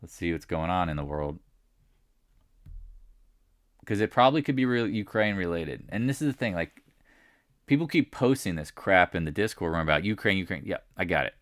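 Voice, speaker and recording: A man's voice: deep voice, expressive, normal speed, pauses often, fairly bright tone, no echo, studio quality. A man hosting a live market chat, talking casually and emphatically, repeating his points and rambling between thoughts. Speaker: stock market livestream host.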